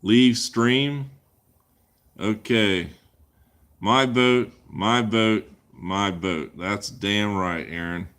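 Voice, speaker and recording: A man's voice: fairly low pitch, very slow, a bit bright, clean tone. A man hosting a casual live chat Q&A, rambling and making crude jokes as he answers viewers. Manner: rambling, crude joking banter. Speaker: livestream host answering chat.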